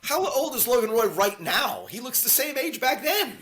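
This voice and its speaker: A man's voice: very high voice, sing-song, moderate pace, a bit bright. A man co-hosting a podcast, chatting casually and jokingly about a film and acting out quotes in silly voices. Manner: rambling, jokey, acts out quotes in silly voices. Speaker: podcast co-host. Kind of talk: casual movie chat.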